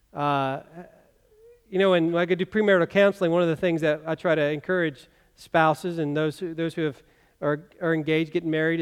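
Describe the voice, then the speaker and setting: High-voiced pastor preaching in a reverberant hall. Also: male voice, clean tone. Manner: conversational preaching with rhetorical questions. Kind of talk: sermon. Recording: long reverb of a church hall.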